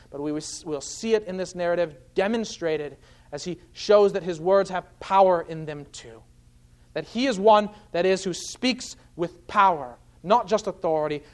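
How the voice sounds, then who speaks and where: A man preaching an expository sermon, earnestly explaining scripture point by point. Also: sits high. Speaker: pastor.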